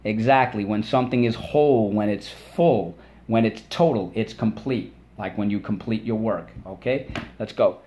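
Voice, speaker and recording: A male teacher giving a children's spelling and vocabulary lesson, upbeat, drilling each word syllable by syllable and pausing for the class to repeat. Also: on the low side, dark tone, a little hiss or hum.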